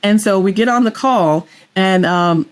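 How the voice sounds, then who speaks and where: A woman speaks as a podcast guest in a lively, expressive way. She is enthusiastic and tells stories with energy. Her voice sits at a middle pitch for a woman. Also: a little slow. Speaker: guest investor. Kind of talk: podcast interview.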